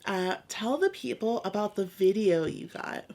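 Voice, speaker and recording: A woman's voice: mid-range voice, expressive, unhurried, darkish tone. Gushing young woman podcast co-host. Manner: gushing, emotional, laughs often. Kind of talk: casual chat.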